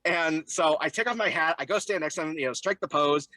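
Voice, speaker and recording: Young man, bright forceful voice, slightly high, dry close sound, animated storyteller in an interview. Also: a little fast, no echo. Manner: animated, jumps into high voices when quoting people. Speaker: guest.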